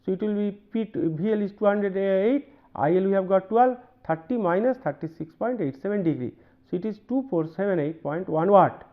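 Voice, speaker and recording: High-voiced Indian lecturer, phone-like sound. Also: male voice, lively intonation, moderate pace. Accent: Indian English. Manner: hesitant, repeats himself, many fillers and "right?" checks. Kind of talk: university lecture, working through circuit examples. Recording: narrow phone-like band.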